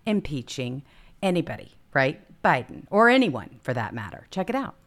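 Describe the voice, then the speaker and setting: A woman's voice: sits low, very animated, moderate pace, fairly bright tone. A woman hosting a political talk show, speaking emphatically with punchy asides and agreeing with her co-host.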